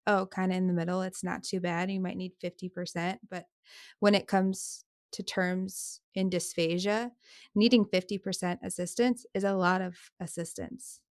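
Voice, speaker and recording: A woman co-hosting a casual podcast, upbeat and quick to recap the main points. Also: on the low side, level tone, vocal fry, no echo, studio quality. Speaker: podcast co-host, speech-language pathologist.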